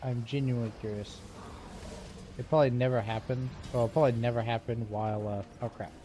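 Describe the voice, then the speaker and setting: Mellow-voiced man chatting through gameplay. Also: mid-range voice, fairly even intonation, a little fast, a little hiss or hum. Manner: chatty, jokey, laughing often. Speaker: streamer. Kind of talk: casual gameplay commentary.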